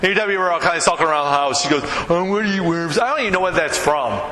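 Male pastor, easygoing sermon delivery, slightly high voice, roomy church sound with noise behind. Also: expressive, very fast, pushed and bright. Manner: conversational, earnest, asks the congregation questions. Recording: echoey hall with background noise.

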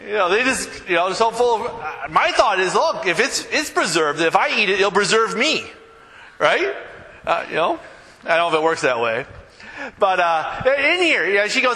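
A man's voice: sits high, big pitch swings, moderate pace, bright, forceful tone, in a large hall. A man preaching a sermon as pastor, talking casually with anecdotes, many fillers and restarts. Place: church.

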